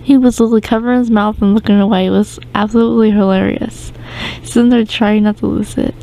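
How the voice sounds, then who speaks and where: A woman's voice: medium pitch, fairly even intonation, fast, creaky, mellow, poor audio. A woman hosting a casual storytime podcast, rambling through the tale with many ums and restarts. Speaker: podcast host.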